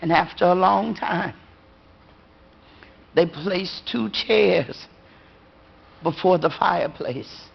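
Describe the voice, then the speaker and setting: Slow, gravelly woman storyteller. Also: lowish voice. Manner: slow, dramatic, rhythmic telling with long pauses. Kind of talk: spoken ghost story told to a live audience. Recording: dull lo-fi live recording.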